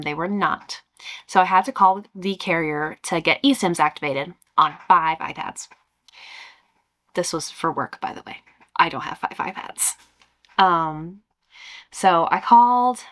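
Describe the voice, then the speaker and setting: A woman podcast host reading a story aloud in a casual, chatty, expressive way, with asides of her own. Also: on the low side.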